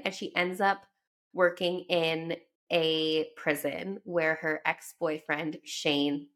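A young woman with a Canadian accent talks through a head cold as she hosts her book podcast. Her voice sits a little low, and her talk is loose and chatty, full of laughs and tangents. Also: a bit bright. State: sick with a cold. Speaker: podcast host. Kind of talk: casual podcast chat.

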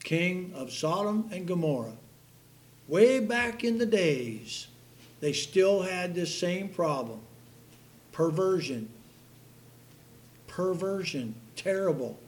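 A man's voice: sits high, expressive, measured pace. An older man preaching a sermon, impassioned and emphatic, stumbling over hard names as he reads scripture aloud. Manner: emphatic, impassioned, with sudden loud outbursts.

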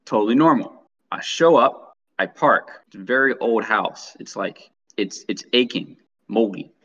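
A man's voice: lowish voice, lively intonation, unhurried, fairly bright tone. A young man casually telling a rambling anecdote to co-hosts, often restarting his sentences. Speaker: podcast co-host. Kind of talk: casual storytelling. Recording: dull lo-fi sound.

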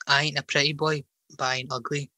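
An easygoing male podcast host with a bright, slightly raised voice. He keeps his replies short and pushes back gently, recorded close and dry. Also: on the high side, level tone, fast, no echo. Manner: easygoing, brief replies and pushback. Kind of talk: casual chat.

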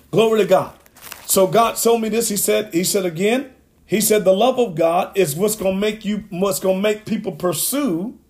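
A man's voice: sits high, darkish tone. A man preaching a sermon, emphatic and repetitive, with asides to the congregation.

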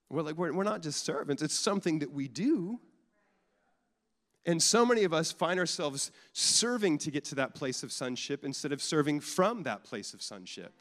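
With long reverb filling the church sanctuary, a thirtysomething pastor preaches conversationally and jokingly, frequently repeating and restarting his lines. His voice is a little high and a bit bright, swinging widely in pitch at a normal speed.

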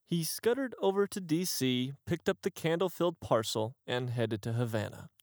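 A man narrating an absurd comic story in a mock-grand, deadpan manner. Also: on the high side, normal speed.

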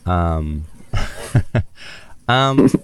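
This podcast host is an Australian man with a low voice, lively intonation and an extremely slow delivery. His interview chat is casual, upbeat and chatty, full of self-deprecating jokes.

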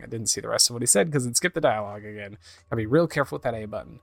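A man's voice: mid-range voice, lively intonation, fast talker, gravelly, no echo. A man giving casual let's-play commentary, describing what happens on screen and sometimes reading game dialogue aloud in put-on voices. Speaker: game streamer.

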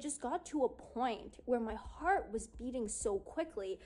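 A woman's voice: a little high, animated, a little slow, few pauses, a little mellow. A woman telling a personal story to her audience in a casual way, using lots of fillers and acting out what she and others said. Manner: casual, lots of "like", acts out her own past lines. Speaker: speaker on confidence and yoga.

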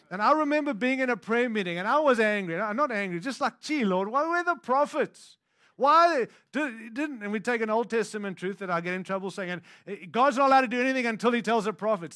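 Here a pastor gives a sermon, his delivery swinging from soft and intimate to booming and emphatic, punctuated by chatty asides to the people in the pews. The sound is clean studio audio without any room sound.

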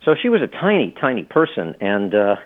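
A middle-aged man speaks in a fairly low voice, telling stories in a loose, rambling way full of fillers and restarts. He is a guest in a casual interview. The sound is thin and tinny, as if coming down a phone line. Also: huge pitch swings, fairly quick. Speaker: author and law professor, guest.

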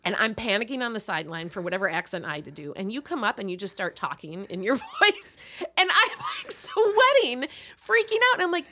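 A woman's voice: medium pitch, big pitch swings, fast, sharp tone. A woman hosting a podcast, chatting casually and encouraging her guest. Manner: chatty, encouraging, laughs along. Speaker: podcast host. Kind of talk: casual interview.

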